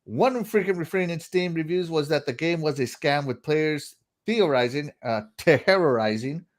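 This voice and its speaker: A man's voice: fairly high pitch, normal speed. A man hosting a casual gaming news show, joking, laughing often and reading out viewer comments. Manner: animated, laughs often, reads chat shout-outs. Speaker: podcast host. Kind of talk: casual chat.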